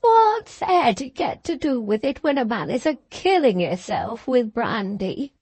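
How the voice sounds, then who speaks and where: A woman playing a tearful homely lady, high and rustic. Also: very animated, measured pace, darkish tone, husky, no echo, heavily acted. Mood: pleading, indignant. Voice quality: broad rustic dialect speech. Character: tearful, homely, plain-spoken baronet's wife.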